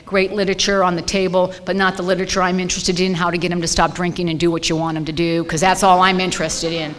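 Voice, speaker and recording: A woman's voice: fairly low pitch, level tone, fast, slight background noise. Candid woman telling her story in a hall. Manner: candid and emphatic, repeats phrases for weight. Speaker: speaker sharing her story at a recovery meeting. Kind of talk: personal testimony. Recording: reverberant hall with faint ambience.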